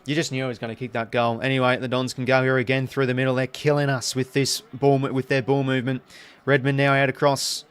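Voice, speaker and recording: A man's voice: medium pitch, fast, smooth. Australian male host, live fan commentary, swings between hyped and frustrated. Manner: excitable fan commentary, groans and cheers. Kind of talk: live football watch-along commentary.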